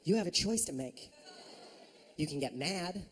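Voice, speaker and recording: A male stand-up comedian on stage with a very lively, swooping delivery. He jumps into high shrill voices for his impressions. The recording carries noticeable background noise from the live room. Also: unhurried.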